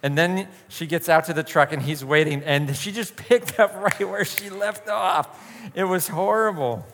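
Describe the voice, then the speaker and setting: A man's voice: sits high, measured pace, in a large hall, noisy background. A man leading an informal youth group talk, a joking storyteller who acts out quoted voices.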